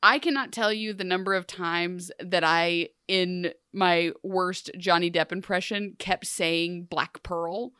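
Animated young woman recapping, dry sound. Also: lowish voice, slow, hardly any pauses, clean tone, dry recording. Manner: animated, acts out characters' lines in jokey voices. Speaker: podcast co-host. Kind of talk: casual chat recapping a TV episode.

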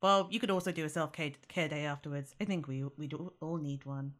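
A woman playing a tabletop game, joining in with teasing, quick banter. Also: deep voice, fairly even intonation. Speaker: player.

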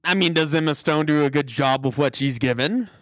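A man's voice: on the high side, brisk, fairly bright tone, no echo, studio quality. A man co-hosting a podcast, chatting casually over drinks with sarcastic, teasing jokes. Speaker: podcast co-host. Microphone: podcast mic.

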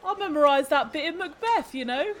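A woman's voice: high voice, lively intonation, a little fast, a bit bright, slight background noise. A woman playing a haughty, pompous starlet actress in an improvised comedy sketch. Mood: outraged. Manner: indignant, theatrical, pompous. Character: haughty female starlet, a self-important actress.

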